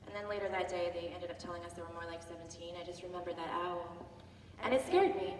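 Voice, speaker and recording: A woman with a bright, forward voice tells frank stories from her time in the Navy, quoting others vividly. She is heard from a distance in a large hall with long reverb and faint room noise. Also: mid-range voice. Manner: candid, shifting between sober recollection and animated quoting. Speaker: Navy veteran telling her story on stage. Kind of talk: staged personal storytelling. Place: theater stage, heard from the audience.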